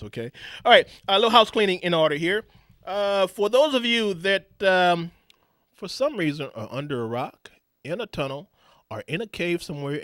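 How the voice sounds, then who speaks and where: A man hosting a live radio talk show, shifting from a booming announcer voice to a loose, rambling chat full of fillers. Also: a bit bright, no room sound, studio quality. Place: radio studio.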